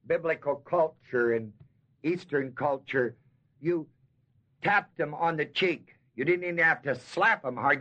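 A man with a slightly high, bright, edgy voice preaches at an unhurried pace. He stretches out key words for emphasis and tosses folksy questions to his listeners. The sound is muffled and lo-fi, like an old sermon tape. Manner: folksy, asks the audience questions. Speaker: Bible teacher. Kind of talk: expository sermon.

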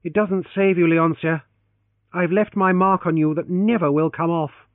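A man doing a teasing young gentleman. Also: sits high, steady tone, normal speed, no echo, voice pushed up, lightly acted. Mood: earnest. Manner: teasing, playful. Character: teasing confident young man, grave when serious. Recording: tinny phone-like, dry.

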